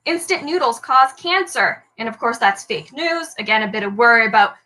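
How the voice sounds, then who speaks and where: A high-pitched young woman with a bright, forceful tone hosts a trivia round. She reads each headline aloud with upbeat energy and laughs off her small slips with quick apologies. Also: lively intonation, poor audio. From Canada. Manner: upbeat, apologetic over slips, lightly joking. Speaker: trivia host. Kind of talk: reading quiz headlines aloud.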